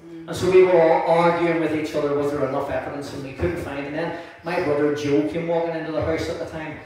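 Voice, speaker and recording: High-voiced preacher in an echoey church. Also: male voice, fast. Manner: prays softly, then preaches with lively storytelling and laughter. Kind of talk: sermon. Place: church hall. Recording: echoey room from far off.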